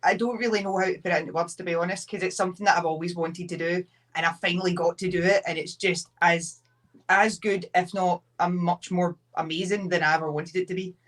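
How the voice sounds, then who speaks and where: A woman's voice: lowish voice, fairly even intonation, fairly quick, fairly bright tone. A young Scottish woman, a guest wrestler, chatting casually on a podcast and acting out quotes as she tells stories. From Scotland. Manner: chatty storyteller, acts out quotes.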